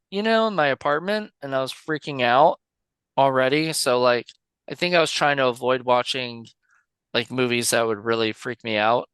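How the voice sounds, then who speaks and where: A man's voice: mid-range voice, sharp tone, clear, resonant tone, no echo. A man co-hosting a podcast, talking about movies in a loose, rambling way with lots of filler words and casual swearing. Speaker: podcast co-host. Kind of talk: casual film chat.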